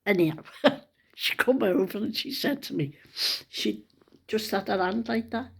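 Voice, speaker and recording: A woman's voice: mid-range voice, expressive, measured pace, vocal fry, husky. An older woman with a Liverpool accent, telling an emotional personal story to camera in a chatty, heartfelt way with local dialect. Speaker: vlogger.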